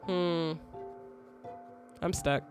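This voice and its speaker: A woman's voice: fairly low pitch, fairly even intonation, extremely slow. Casting: young woman streamer, loose, jokey, slangy reactions, faint game music behind. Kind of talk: casual gameplay commentary.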